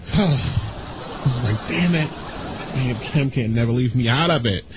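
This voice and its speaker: A man hosting a casual radio talk show, ranting and gossiping in an animated, indignant way. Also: mid-range voice, measured pace, background noise.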